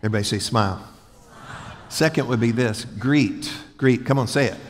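A man's voice: medium pitch, very fast. A man preaching a folksy, joking sermon to a congregation, asking them to repeat after him. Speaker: pastor. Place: large church hall before a congregation. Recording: echoey church hall.

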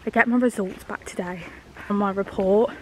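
A woman's voice: medium pitch, fairly even intonation, rough recording. Young woman vlogger, chatty and anxious, a little breathless, handheld camera outdoors with faint background noise. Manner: chatty, fast, anxious rambling. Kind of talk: casual vlog chat. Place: outdoors walking through woods and hills.

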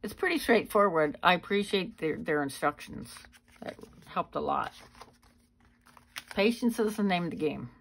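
A woman hosting a craft channel, giving a chatty, unhurried show-and-tell of her handmade cards. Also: fairly low pitch, animated, vocal fry, a bit bright, husky. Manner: chatty, unhurried walk-through. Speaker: card-making channel host.

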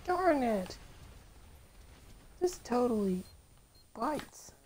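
Excitable young woman gaming commentator. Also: on the high side, extremely slow, slight background noise. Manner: excitable, shouting exclamations. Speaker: gameplay commentator. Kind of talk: let's play commentary.

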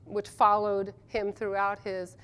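Woman, literary translator, conference panel talk, enthusiastic, frequent ums, middle pitch. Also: monotone, slow, a bit bright, smooth. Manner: chatty, enthusiastic, many ums. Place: conference session room.

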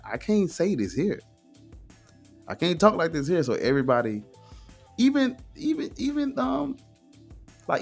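Male guest, casual and animated, swears freely, pitch leaps on emphasis; faint music bed. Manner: animated, emphatic, swearing, frequent "you know what I'm saying". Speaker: guest, atheist streamer. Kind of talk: casual conversation.

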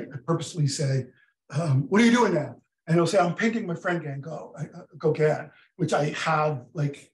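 Animated male professor in an echoey room. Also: high voice. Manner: animated, acts out quoted dialogue. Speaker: professor giving a talk. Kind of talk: lecture with audience Q&A. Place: lecture room.

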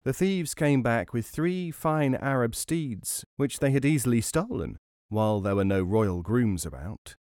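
An expressive man narrating a folk tale with a storyteller's rhythm, in a mid-range voice. The sound is close and dry, with no room echo. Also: medium pitch, measured pace. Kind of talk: scripted narration of folk tales.

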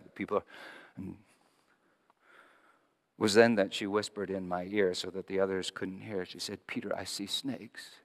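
A male pastor preaching a sermon, telling stories and moving between hushed, quiet passages and lively, raised ones. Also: low-pitched, big-room sound. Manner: storytelling, shifting between hushed and animated.

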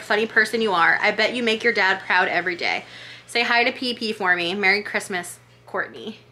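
A young woman with a bright, forceful voice chats casually to camera as a vlogger. She reads holiday cards aloud and gushes over each one, effusive and quick to praise. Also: a little high, a little hiss or hum. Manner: gushing, effusive.

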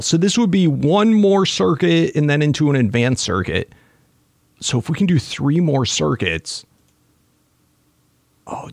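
Man, let's-play host, excited self-talk, gravelly, dry close recording. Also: mid-range voice, dry recording. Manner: excitable, talks to himself while playing. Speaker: gaming channel host. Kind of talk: casual let's-play commentary.

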